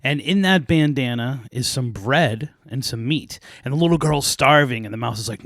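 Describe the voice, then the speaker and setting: A man's voice: mid-range voice, moderate pace, few pauses, no echo. Guy telling an old fairy tale to his podcast, chatty, dry close sound. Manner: lively retelling with asides and light laughs. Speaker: podcast host. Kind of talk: casual storytelling of a folk tale.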